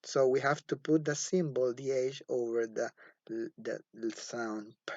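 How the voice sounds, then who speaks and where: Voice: medium pitch, little pitch movement, measured pace, a little mellow, dry recording. A teacher giving a phonetics lecture, patient and repetitive, often checking in with the class. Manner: patient, repeats words and asks "okay?" often. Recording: dull lo-fi dry recording.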